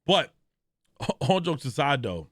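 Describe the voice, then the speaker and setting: A man streaming live, reacting to a video in a loud, joking way with a lot of slang and talking straight to his chat. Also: mid-range voice, very animated, takes it slowly, no room sound, clean studio sound.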